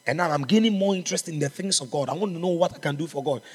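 A man's voice: a little high, racing, slightly rough, in a large hall. A man preaching a sermon as pastor, fervent and exhorting, calling out to his congregation. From Ghana.

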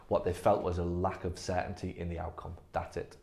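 A man's voice: sits low, flat delivery, fairly quick, creaky, darkish tone. A man leading a staff training session, blunt and emphatic, swearing freely. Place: physio clinic room.

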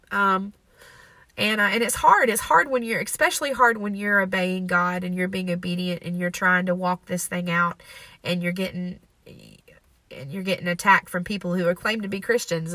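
A woman's voice: medium pitch, creaky, sharp tone, no echo. A young woman hosting a faith podcast, talking in an earnest, emotional and confessional way. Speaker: podcast host. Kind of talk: personal faith podcast talk.

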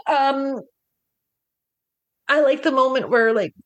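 A woman's voice: high-pitched, slow. A woman co-hosting a podcast, recapping an episode in a playful, chatty way with lots of fillers, over a video call. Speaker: podcast co-host. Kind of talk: casual chat recapping an episode.

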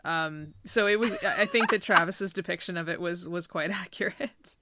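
A woman's voice: on the low side, moderate pace, background noise. A woman from Kentucky co-hosting a podcast, giggly and laughing between her sentences. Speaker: podcast co-host. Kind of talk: casual chat.

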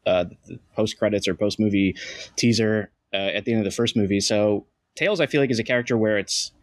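A man's voice: on the low side, a little fast, no echo. A man co-hosting a podcast in casual, joking chat, trailing off with fillers. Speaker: podcast co-host.

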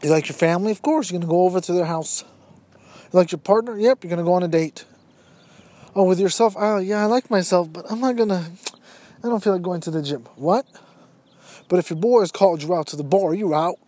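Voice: mid-range voice, a little fast, warm tone, no room sound. A podcast host giving a motivational monologue, firing rhetorical questions straight at listeners and acting out bits of everyday dialogue. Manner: acts out imagined everyday dialogue.

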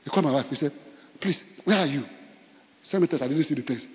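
A man with a Nigerian accent, a pastor preaching a sermon with animated storytelling and bursts of laughter. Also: fairly high pitch, racing. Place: church. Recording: dull sound in a reverberant hall.

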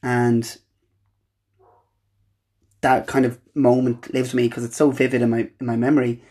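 A young Irish man hosting a podcast, telling a personal story in an earnest, halting way with frequent restarts. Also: medium pitch, level tone, darkish tone, slightly rough. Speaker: podcast host.

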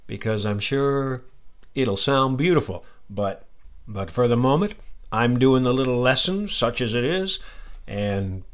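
A man's voice: medium pitch, expressive, a little slow. An American man hosting an English-learning podcast, explaining expressions in a chatty, friendly way. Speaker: English teacher podcast host. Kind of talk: casual English lesson.

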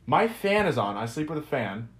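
A man's voice: fairly high pitch, big pitch swings, normal speed, a bit bright. A young man in casual conversation on a podcast, rambling through a story and swearing freely. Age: young adult. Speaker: podcast host. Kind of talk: casual chat.

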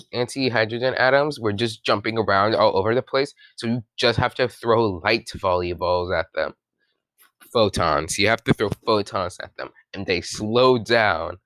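Man, reading an article aloud with commentary, stumbles and corrects himself, crisp voice, dry close sound. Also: lowish voice, fairly bright tone, no room sound.

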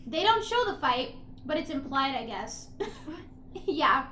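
Young woman, high pitch, echoey room, foul-mouthed casual chat. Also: takes it slowly, a little hiss or hum. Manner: swearing, animated storytelling, eating while talking. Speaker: podcast co-host.

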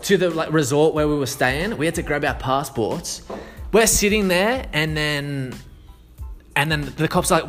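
A man with a somewhat high voice tells a story in a loose, rambling way. He swears often and fills the gaps with fillers and restarts. Soft music plays in the background. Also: normal speed. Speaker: sales consultant. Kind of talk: casual storytelling.

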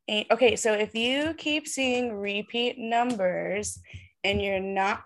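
A woman co-hosting a casual podcast chat over a video call, animated and quick to laugh. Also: mid-range voice. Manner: giggly, animated, laughs often. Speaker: podcast co-host and tarot reader.

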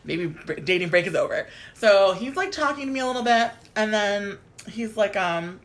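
A woman's voice: mid-range voice, expressive, normal speed, hardly any pauses. A young adult woman co-hosting a casual chat podcast, telling stories with plenty of swearing and laughter. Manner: storytelling, swears freely, laughs often. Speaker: podcast co-host.

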